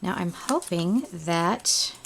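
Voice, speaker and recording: A woman hosts a home craft tutorial, chatting casually and thinking aloud as she works. Her lowish voice is animated, slow, and creaky, with a noisy background.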